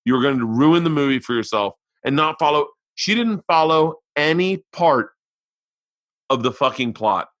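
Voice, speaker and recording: Rambling, profane podcast host. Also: male voice, a little high, normal speed, no echo. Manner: rambling, profane, animated storyteller. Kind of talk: casual storytelling monologue. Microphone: studio podcast mic.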